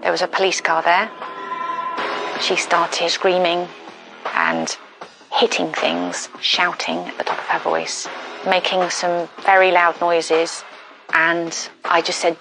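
A woman with a lowish voice recalls painful events very slowly, lingering on each phrase. Faint music plays under her account. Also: expressive, pushed and bright, low-quality recording. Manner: slow, emotional recollection. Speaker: friend of the accused. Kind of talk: documentary interview.

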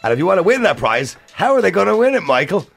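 Gravelly teasing Irish radio host man. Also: high voice, sing-song, fast, fairly bright tone. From Ireland. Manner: teasing, playful, mock-hype. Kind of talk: casual radio banter.

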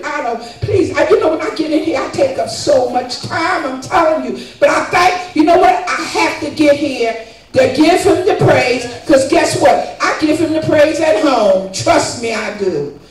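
A high-voiced older woman gives a fervent church testimony, pressing her point and asking her listeners "guess what" again and again. She is picked up from far off in a very echoey church, with faint music underneath. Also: lively intonation, normal speed. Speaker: congregant giving testimony. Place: church sanctuary. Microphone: distant room mic.

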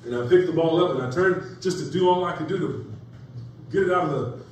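A man's voice: on the high side, brisk, darkish tone. Preaching man in an echoey church. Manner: folksy preaching with storytelling and rising emphasis. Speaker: pastor. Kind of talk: sermon. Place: church sanctuary. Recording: echoey church room from far off, faint noise.

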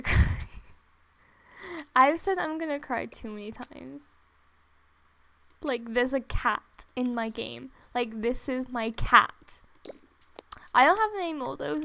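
High gravelly gushing young woman. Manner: gushing, gasping and laughing, near tears with excitement. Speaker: gaming vlogger. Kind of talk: excited gameplay commentary. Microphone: desktop USB microphone.

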